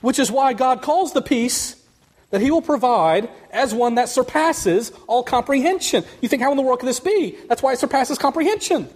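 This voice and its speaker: A man preaching a sermon, speaking earnestly and building to quick, emphatic runs. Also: very high voice, animated, darkish tone. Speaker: pastor.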